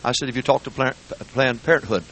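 A man preaching a folksy, joking sermon in a church, swinging between quiet asides and shouting. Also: mid-range voice, steady tone, quick pace, a little hiss or hum. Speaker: guest preacher. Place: church sanctuary.

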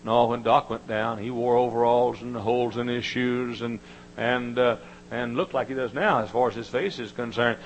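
A man preaching a sermon, with emphatic repetition and dramatic swings from hushed tones to shouting. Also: mid-range voice, steady tone, normal speed, slight background noise, poor audio.

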